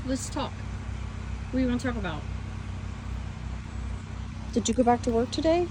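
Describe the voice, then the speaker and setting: A woman's voice: a little high, expressive, moderate pace, pauses often, background noise. A woman talking to her pet parrots in a coaxing, sing-song baby-talk voice, chatting casually as she checks on them. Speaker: parrot owner vlogger. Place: home during a power outage, near bird cages.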